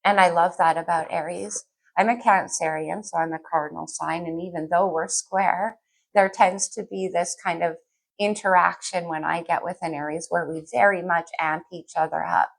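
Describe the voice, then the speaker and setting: A woman reads tarot for her viewers in an easy, chatty way. Her voice sits low with a gravelly fry running through it. She talks her thoughts out loud as she pulls cards, wandering a little and then circling back. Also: fairly even intonation, normal speed. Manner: chatty, scattered, thinks aloud while pulling cards. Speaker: tarot reader. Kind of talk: casual tarot reading to camera.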